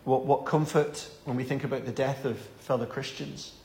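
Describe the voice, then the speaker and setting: A man's voice: medium pitch, steady tone, normal speed, gravelly, darkish tone, echoey room, a little hiss or hum. A man preaching an evening Bible-study sermon, earnest and given to repeating words as he stresses a point.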